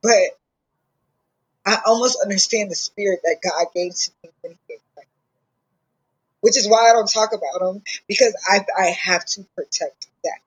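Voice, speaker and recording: Woman, husky voice, casual podcast chat, open and heartfelt. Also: medium pitch, moderate pace, pauses often, rough recording. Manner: heartfelt and open, talking at length about her son.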